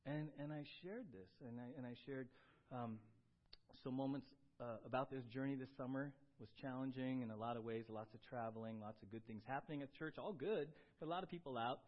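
A male pastor preaching a sermon, animated and emphatic, often restarting his phrases. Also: brisk. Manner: animated, rising to emphatic highs, with repeated restarts. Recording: dull lo-fi sound.

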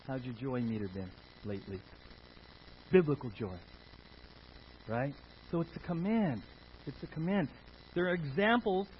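A man's voice: sits high, dull audio, a little hiss or hum. A man preaching a sermon, leading the congregation with call-and-response questions. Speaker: pastor.

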